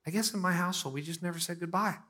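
A man in his thirties from Pittsburgh preaching a sermon as pastor, moving between loud, emphatic bursts and slow, quiet lines. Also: high voice.

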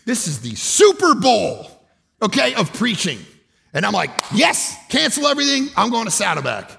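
A man preaching in a church, spinning funny stories that suddenly break into loud shouts. His voice is gravelly and bright, with pitch that leaps around. He sits a little high for a man. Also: wildly swooping pitch, normal speed, slight background noise. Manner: storytelling with loud bursts and shouts. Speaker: guest preacher. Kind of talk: comedic sermon.

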